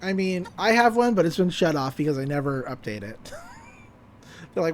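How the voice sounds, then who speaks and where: A podcast host recapping a cartoon episode in a chatty, casual way, laughing often. The voice swings widely in pitch and drops into quick asides. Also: expressive, darkish tone.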